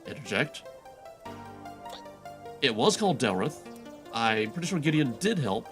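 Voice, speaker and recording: A man voicing an exasperated adventurer who keeps correcting another character with deadpan remarks in a game quest fan voice-over. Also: medium pitch, measured pace, soft background music, voice pushed down. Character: exasperated young adventurer, nitpicking and sarcastic.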